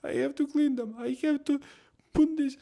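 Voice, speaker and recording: A man voicing a worn-out male hotel cleaner in a shrill, whining tantrum, told as a podcast story. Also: steady tone, normal speed, vocal fry, dark tone. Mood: anguished.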